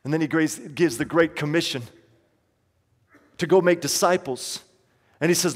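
A man's voice: on the high side, lively intonation, normal speed, long pauses. A man preaching a sermon as pastor, emphatic and repeating key lines, leading the congregation in call-and-response. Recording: long reverb of a large hall.

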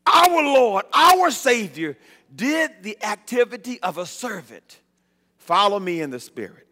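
A man preaching a sermon, telling the story dramatically and building up to shouted points. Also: sits high, very animated, a little slow. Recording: long reverb of a large hall.

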